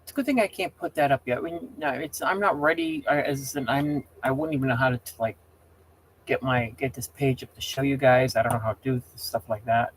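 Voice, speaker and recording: A man's voice: mid-range voice, a little fast, slight background noise. A man hosting a casual livestream, rambling, getting heated and exasperated as he talks. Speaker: livestream host.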